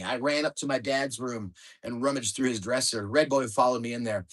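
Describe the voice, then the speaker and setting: A man reading aloud from his own memoir with a wry, lively delivery that picks up speed at exciting moments. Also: mid-range voice, a little fast, few pauses. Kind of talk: storytelling book reading.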